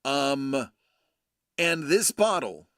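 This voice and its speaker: Male host, dry close sound, easygoing rambling chat, keen and excitable. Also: medium pitch, extremely slow, no echo. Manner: rambling and enthusiastic, many fillers and restarts. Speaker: host of a collecting channel. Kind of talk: casual chat showing a wine bottle.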